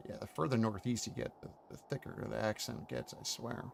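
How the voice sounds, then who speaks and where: A man's voice: mid-range voice, steady tone, brisk, gravelly, slight background noise. A man from Pennsylvania, running a tabletop game and chatting casually with joking, rambling asides. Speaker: game master.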